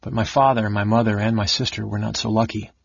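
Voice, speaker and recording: A man's voice: lowish voice, fairly even intonation, fast, vocal fry, slightly rough. A man reading the part of a grieving young nobleman and knight who turned bandit, speaking bitterly and grimly. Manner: bitter and grim. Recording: dull lo-fi recording.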